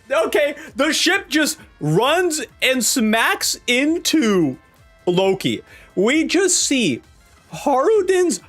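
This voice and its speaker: High-voiced guy doing a manga reaction, super animated, jumps all over in pitch, faint music behind. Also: drawn-out words. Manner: animated and excitable, acts out characters' lines. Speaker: manga reaction channel host. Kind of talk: reading and reacting to a manga chapter.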